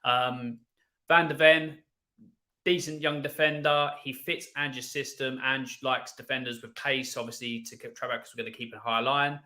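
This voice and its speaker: A man's voice: mid-range voice, steady tone, normal speed, bright, forceful tone. A man on a football stream panel, giving frank, opinionated takes and often repeating his words as he goes. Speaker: panel guest, Spurs fan. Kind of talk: casual football stream chat.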